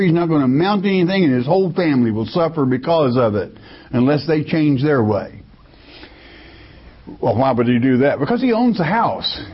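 A man's voice: on the high side, breathy edge. A man preaching a sermon, reading scripture verses aloud and then explaining them in plain, folksy talk. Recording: dull lo-fi sermon recording.

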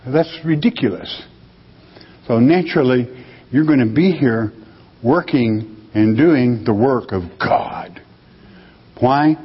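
A man's voice: mid-range voice, slightly rough. Man, bible teacher, emphatic, rhetorical questions, echoing hall. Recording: dull lo-fi recording in a reverberant hall.

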